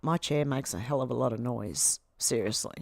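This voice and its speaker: A woman's voice: rumbling low, normal speed, vocal fry, no room sound. An Australian woman in her fifties hosting a casual livestream, reading viewer comments aloud and chatting back to them. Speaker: livestream host.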